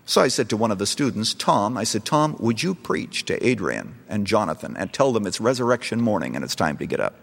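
Middle-aged male preacher, animated pitch, storytelling sermon, long hall reverb. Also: brisk, creaky, few pauses. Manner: storytelling, rising to loud impassioned appeals. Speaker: pastor.

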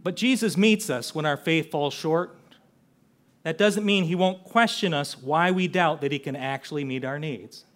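A man's voice: fairly high pitch, moderate pace, fairly bright tone. An older man preaching a sermon, earnest and conversational, often asking rhetorical questions. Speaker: pastor.

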